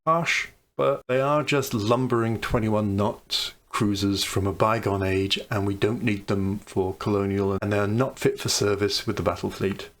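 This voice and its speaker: Gravelly man musing through a strategy game. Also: on the low side, fairly even intonation, moderate pace, few pauses. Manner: thinking aloud, musing over choices. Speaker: let's play commentator. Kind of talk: casual gameplay commentary.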